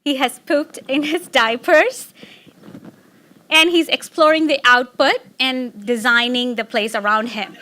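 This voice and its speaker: A middle-aged woman giving a personal storytelling talk, animated and laughing, acting out excited quotes. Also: sits high, a little slow, a little hiss or hum. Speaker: speaker giving a public talk.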